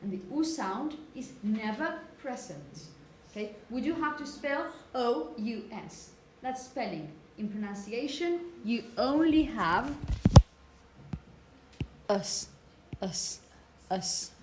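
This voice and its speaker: A woman teaching phonetics to a class, saying example words slowly and often asking "okay?". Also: a little high, animated, a little hiss or hum. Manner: repeats words slowly to model pronunciation; asks "okay?" often to check understanding. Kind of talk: classroom lecture.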